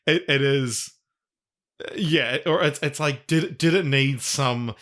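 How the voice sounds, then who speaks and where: A man's voice: mid-range voice, fairly bright tone. A man co-hosting a podcast, telling film anecdotes in a rambling, casual way. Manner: rambling, quick anecdotes with many restarts. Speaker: podcast co-host. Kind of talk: casual film review chat.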